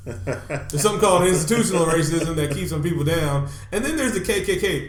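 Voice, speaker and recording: A podcast co-host talks in a lively, profane rant, laughing between points. His voice sits a touch high for a man. The sound is roomy and echoey. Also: moderate pace. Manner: animated, profane ranting with laughs. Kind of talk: casual podcast chat.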